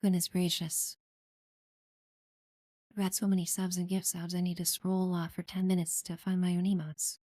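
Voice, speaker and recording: A woman's voice: fairly low pitch, flat delivery, moderate pace, pauses often, no room sound, clean studio sound. A woman streamer chatting casually during live gameplay, thanking new followers and talking about her community. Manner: friendly, thanks followers warmly, many fillers.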